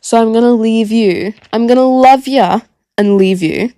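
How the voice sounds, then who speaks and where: A young woman from Gambia hosting her own podcast, chatting casually in a rambling, self-mocking way, her throat sore and voice going hoarse. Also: on the high side, a little slow, mellow, no room sound. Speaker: podcast host. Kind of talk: casual solo chat. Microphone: podcast microphone.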